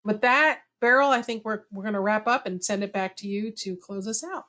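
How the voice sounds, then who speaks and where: A woman's voice: mid-range voice, a little fast. Chatty woman hosting a webinar. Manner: chatty, self-deprecating, lively asides. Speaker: webinar host. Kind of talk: conversational webinar talk.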